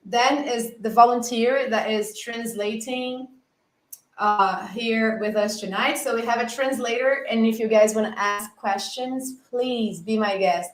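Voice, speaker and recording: A woman's voice: on the high side, fairly bright tone, reverberant, low-quality recording. A Brazilian woman with a Portuguese accent, co-hosting a livestream and explaining earnestly. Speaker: co-host. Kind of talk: casual livestream talk.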